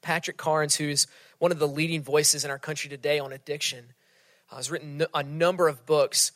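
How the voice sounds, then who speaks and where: A man preaching a sermon in a conversational way, often dropping to a soft, hushed voice for emphasis. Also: a little high, steady tone, a little fast, no echo, clean studio sound. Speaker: pastor.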